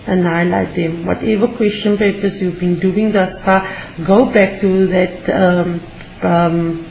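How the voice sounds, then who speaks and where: Slow, gravelly-voiced woman teacher. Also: medium pitch, dark tone, roomy sound, a little hiss or hum, poor audio. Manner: patient, repeats key words for emphasis; calls learners loved ones and children. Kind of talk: exam revision lesson.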